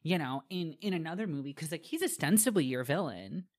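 A man's voice: on the high side, animated, a little fast. A man co-hosting a podcast, chatting about a film in a teasing, sarcastic way, full of "like". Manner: teasing, sarcastic, filler-heavy. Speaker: podcast co-host. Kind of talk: casual film discussion.

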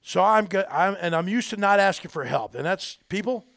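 Man, middle-aged, podcast guest, rambling folksy talk, gravelly, dry close sound. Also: high voice, expressive, a little fast, a bit bright, no room sound. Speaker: podcast guest, army veteran. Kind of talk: casual interview talk.

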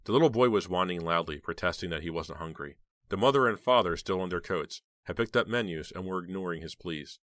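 Low voiced guy reading a horror book, bright forceful tone, dry sound. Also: no echo. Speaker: audiobook narrator.

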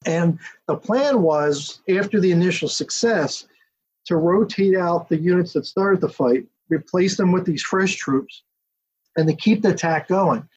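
A man, an author and historian, giving a detailed, steady account as a podcast interview guest. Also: sits high, unhurried, breathy edge. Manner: detailed, steady storytelling with asides. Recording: dull lo-fi audio.

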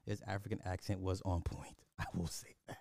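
A man giving a blunt, animated movie review in casual chat, talking straight to his viewers. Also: low-pitched, fairly quick, gravelly, dry recording, clean studio sound.

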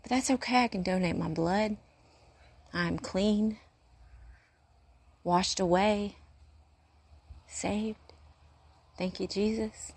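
A woman's voice: mid-range voice, takes it slowly, pauses often, darkish tone, slightly rough. A woman who works in urgent care, talking in a casual faith-based monologue, earnest and rambling with a preachy streak, pacing as she talks. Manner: paces while talking.

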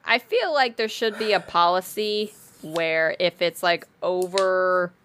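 A woman reacting bluntly in a casual chat, swearing and chiming in with quick remarks. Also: lowish voice, fairly bright tone, a little hiss or hum. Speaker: co-host listening and reacting.

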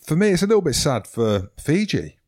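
A man's voice: fairly high pitch, sing-song, brisk, a little mellow. A Scottish man co-hosting a rugby podcast, blunt, jokey and self-mocking in casual banter. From Scotland. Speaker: podcast co-host.

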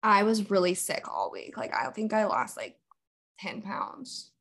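A woman's voice: mid-range voice, big pitch swings, unhurried, gravelly, fairly bright tone, breathy edge. A young woman co-hosting a podcast, telling stories in casual chat, swearing and saying "like" and "literally" a lot. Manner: chatty storyteller, swears, says "like" and "literally" a lot. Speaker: podcast co-host.

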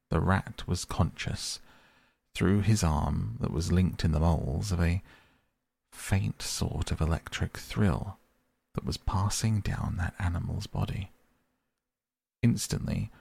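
Deep, slow, gravelly male storyteller. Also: no room sound. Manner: gentle, unhurried. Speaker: audiobook narrator. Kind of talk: soft bedtime storybook reading.

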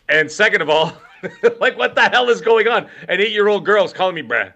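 Bright-voiced animated man joking on a podcast. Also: sits high, a little fast, gravelly, highs cut off. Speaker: podcast co-host. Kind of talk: casual chat.

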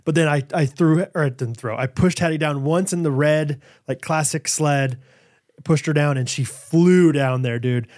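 Animated man, casual podcast storyteller. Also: a little high, normal speed. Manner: animated storyteller, acts out shouted quotes. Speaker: podcast co-host. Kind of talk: casual chat.

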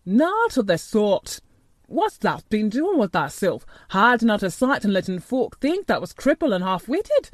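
A woman's voice: medium pitch, big pitch swings, unhurried, dry recording, studio quality. A woman voicing a crabbed old male gardener who speaks blunt. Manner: blunt, dialect-heavy speech. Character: gruff old male Yorkshire gardener, crabbed but moved.

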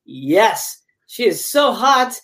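A woman's voice: medium pitch, big pitch swings, very slow, fairly bright tone. A woman guest on a casual movie talk stream who speaks bluntly and swears freely.

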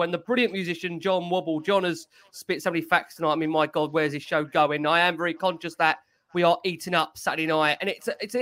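As host of a fan podcast, this man reviews the match and passes the talk to his guests, sounding conversational, guiding and a little hesitant. He has a high, fairly bright voice.

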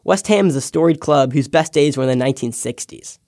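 A man's voice: a little high, fairly quick, a little mellow, no echo, clean studio sound. Young man reading a personal essay. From United States. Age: young adult. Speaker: intern. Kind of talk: scripted personal essay narration.

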